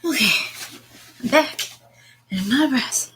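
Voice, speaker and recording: A woman's voice: sits high, animated, slow, fairly bright tone, slight background noise. A woman hosting a tarot livestream from home, chatting casually and rambling to her viewers.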